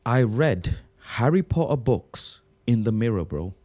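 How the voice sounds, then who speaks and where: A man's voice: mid-range voice, a little slow. A young man from Bangladesh with a British accent, doing a slangy comic monologue with bursts of laughter. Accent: British English. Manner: animated, slangy, keeps saying bro, bursts of laughter. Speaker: comedian.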